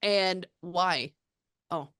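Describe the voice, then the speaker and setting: A woman's voice: on the low side, drawn-out words, fairly bright tone, smooth, no room sound. Chatty woman with a dry, close voice. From Texas. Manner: chatty and rambling, often breaking off to say hold on. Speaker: spiritual medium. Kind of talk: live reading session with a client.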